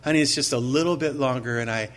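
A man's voice: mid-range voice, fairly bright tone. Earnest male pastor preaching. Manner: conversational preaching full of rhetorical questions; earnest, slows down to stress key phrases. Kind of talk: sermon.

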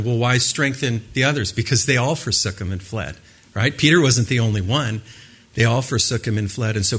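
A man's voice: mid-range voice, animated, a little fast, fairly bright tone, slightly rough. Man preaching an emphatic sermon. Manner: asks the audience questions, emphatic. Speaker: pastor.

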